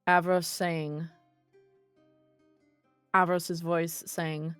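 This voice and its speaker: A woman's voice: lowish voice, slow pace, pauses often, clean tone, dry recording, faint music behind. A woman narrating a tabletop role-play as game master in a casual way, speaking over a voice call. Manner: casual, swears, laughs.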